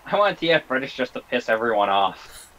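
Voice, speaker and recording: A man's voice: medium pitch, big pitch swings, a little fast, bright, forceful tone, lo-fi sound. A man giving casual, irreverent color commentary on a wrestling video game, swearing and laughing.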